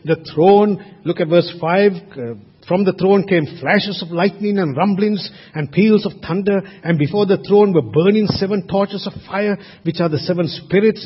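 A man's voice: high-pitched, breathy edge. A man preaching a sermon at a church service, emphatic and asking his congregation rhetorical questions. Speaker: pastor. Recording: reverberant hall, muffled sound.

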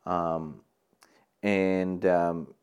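A young man with a very deep voice hosts his own podcast, musing aloud in a loose, rambling way. He fills his talk with "you know" and "um", yet keeps an earnest, encouraging tone toward his listeners. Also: level tone, very slow, darkish tone, clean tone. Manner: rambling, with many fillers and repeated words. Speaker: podcast host. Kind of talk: casual solo podcast monologue. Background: air conditioner hum.

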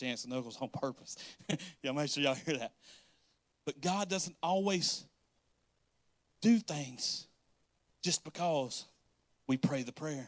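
A man preaching a sermon as pastor, animated and playful, often acting out church members and laughing. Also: mid-range voice, no room sound.

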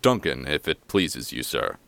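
A man's voice: rumbling low, big pitch swings, measured pace, vocal fry, fairly bright tone, dry recording, pitched below the performer's own voice, full character voice. A man voicing a weary, formal male butler who speaks stiffly and deferentially.

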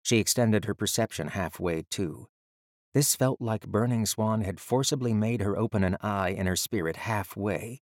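Low-voiced male audiobook narrator. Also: no room sound, studio quality.

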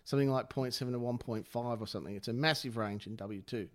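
A man's voice: medium pitch, quick pace. A man co-hosting a casual podcast, breaking down technical points step by step. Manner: explains technical detail step by step. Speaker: podcast co-host. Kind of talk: casual chat.

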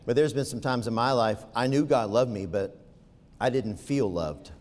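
A man preaching a sermon, firing rhetorical questions at the congregation and swinging from quiet asides to loud, fervent peaks. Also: medium pitch, moderate pace, in a large hall.

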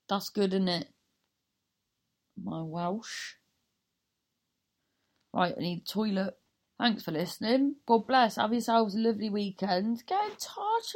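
A woman's voice: medium pitch, expressive, a little slow, pauses often, a little mellow. A woman comedian hosting her own podcast, wrapping up an episode in a rambling, self-mocking way that keeps losing its thread. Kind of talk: casual podcast sign-off.

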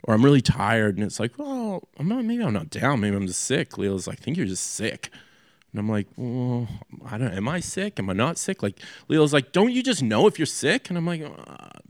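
A man's voice: mid-range voice, no room sound, clean studio sound. A man preaching a sermon as a pastor in a loose, conversational way, with many fillers and restarts.

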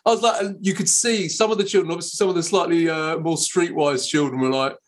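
A man who trains teachers, telling lively classroom stories in a relaxed chat. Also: on the high side, fast. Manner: animated anecdotes with bright put-on quotes. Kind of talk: casual podcast chat.

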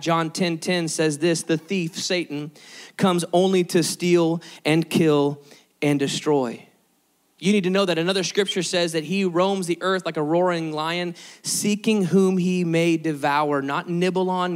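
A male pastor preaching a lively sermon and calling on the congregation to respond. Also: a little high.

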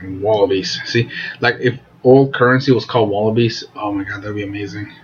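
A man's voice: lowish voice, fairly even intonation, brisk. Goofy guy asking silly questions, rambly and teasing, muffled lo-fi with faint hiss. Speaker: interviewer. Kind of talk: casual improv chat.

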